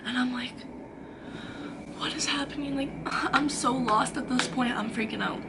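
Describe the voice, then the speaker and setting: A woman's voice: fairly high pitch, steady tone, moderate pace, very noisy. Chatty young woman telling a story. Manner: chatty and dramatic, acts out quotes. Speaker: vlogger. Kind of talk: storytime vlog. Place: her own room.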